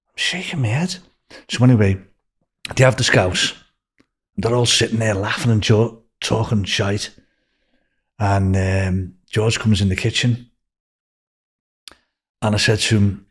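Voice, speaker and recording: Older Liverpool guy, podcast guest, loose rambling anecdotes, average pitch. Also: expressive, a little slow, pauses often, slightly rough. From England. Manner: rambling anecdotes with restarts and swearing. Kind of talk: storytelling in a podcast interview.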